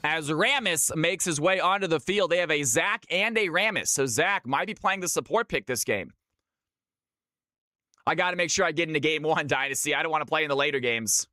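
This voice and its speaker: A man's voice: on the high side, a little fast, pushed and bright, no room sound, studio quality. A man from California casting a video game match live on stream. He keeps an upbeat, chatty play-by-play going and talks straight to his chat. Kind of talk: live esports play-by-play commentary.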